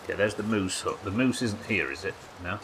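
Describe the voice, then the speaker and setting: A man's voice: lowish voice, fairly quick, background noise. A man from the United Kingdom chatting and joking casually while streaming a survival game, swearing now and then. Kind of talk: casual gameplay commentary.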